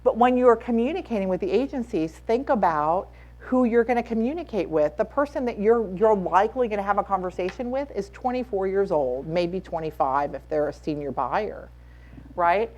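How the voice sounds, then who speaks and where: A woman on a conference panel gives sales advice in an emphatic, driving way. She repeats her main points and speeds up when she stresses them. Her pitch sits mid-range for a woman. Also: expressive, moderate pace, a little mellow, muffled recording. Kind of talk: advisory panel talk. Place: conference room.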